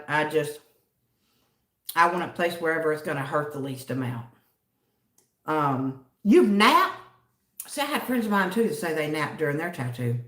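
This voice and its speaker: A woman talks loosely and at length, answering viewers one by one in a slightly low voice. She sounds a little distant from the microphone, and the room adds a noticeable echo. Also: fairly bright tone. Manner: rambling, chatty, answers viewers by name. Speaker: livestream host reading chat. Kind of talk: casual chat. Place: home in a city. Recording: roomy echo, distant from the mic.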